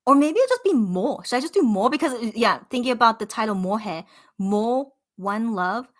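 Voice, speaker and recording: A woman hosting a casual live stream, chatting with viewers, thinking out loud and repeating phrases to herself with frequent giggles. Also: fairly high pitch, lively intonation, normal speed.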